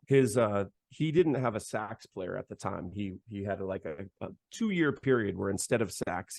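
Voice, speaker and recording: Young male musician guest, low gravelly voice, rambling casual storyteller, dry close sound. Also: a little mellow, no echo. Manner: chatty, heavy use of "like" and "man". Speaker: guest saxophonist.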